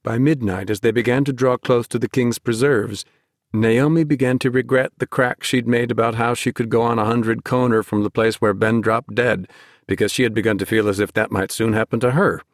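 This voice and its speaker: A man narrating an audiobook in a measured storytelling manner, close to the microphone. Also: mid-range voice, fairly even intonation, no room sound. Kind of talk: scripted narration.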